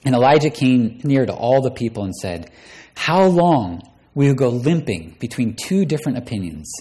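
A man's voice: medium pitch, big pitch swings, moderate pace, mellow. A man preaching a sermon, reading scripture aloud and raising his voice dramatically on the quoted lines. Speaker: pastor.

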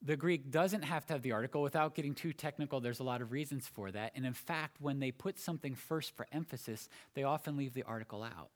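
A man with a medium-pitched voice preaches a sermon, explaining a passage one phrase at a time. He uses emphatic pauses and makes small restarts.

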